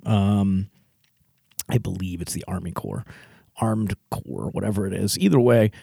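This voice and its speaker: A man telling stories as a podcast guest, lively, often mimicking other people in jumpy higher voices. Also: a little slow, vocal fry, husky, no room sound, clean studio sound. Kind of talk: casual storytelling chat.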